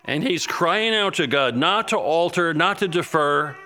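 A man preaching a sermon, fervent, rising to urgent pleading when he quotes prayers and dropping low and soft when he lists needs. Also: lively intonation, unhurried, hardly any pauses.

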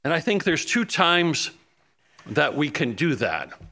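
A man delivers a sermon with a bright, forceful voice pitched a little high. He preaches fervently, climbing into urgent pleading when he quotes prayers and sinking low and soft when he lists everyday needs. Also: sing-song, slow.

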